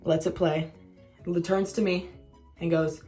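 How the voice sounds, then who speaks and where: A woman's voice: lowish voice, steady tone, slow, dark tone, faint music behind. A young woman telling a casual storytime vlog, candid and self-mocking, swearing freely. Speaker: vlogger.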